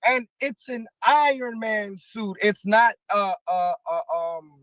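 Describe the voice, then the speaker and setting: Very high-voiced man telling a rambling story. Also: fairly bright tone, no room sound, low-quality recording. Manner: halting, rambling, many fillers and restarts. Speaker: battle rapper in interview clip. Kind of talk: interview storytelling.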